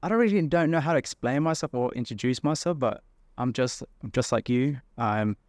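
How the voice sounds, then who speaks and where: Man, Australian accent, animated, storytelling guest, dry close sound. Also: medium pitch, brisk, no room sound. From Darwin, Australia. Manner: animated storyteller, acts out quotes, laughs often. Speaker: podcast guest. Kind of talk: casual chat.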